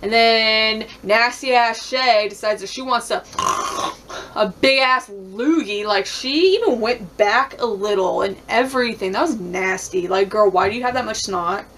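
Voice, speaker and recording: A woman's voice: fairly high pitch, unhurried, fairly bright tone, slight background noise. A woman recapping a reality show in a casual vlog, talking bluntly with lots of swearing and "like", and laughing often. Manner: blunt, profane, heavy use of "like".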